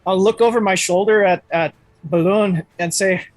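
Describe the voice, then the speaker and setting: A man plays in a tabletop game, declaring spells and attacks with playful enthusiasm. His voice sits a bit higher than average for a man. Soft music plays behind him. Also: steady tone, moderate pace. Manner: playful, jokey. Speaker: player. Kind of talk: casual tabletop game talk.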